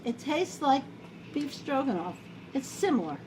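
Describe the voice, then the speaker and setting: A woman's voice: high voice, sing-song, unhurried, darkish tone, low-quality recording. Chatty woman with a New York accent. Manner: chatty, rambling, self-deprecating. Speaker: home cook vlogger. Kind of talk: casual cooking chat to camera. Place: home kitchen. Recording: home video with clear background noise.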